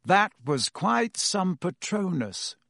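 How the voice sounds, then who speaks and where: A quiet, kindly middle-aged teacher speaks slowly and evenly, as a male reader voices him. The delivery is soft and measured, recorded dry and close. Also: sits high, very animated, creaky, no room sound, voice pushed up, exaggerated voice. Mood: calm.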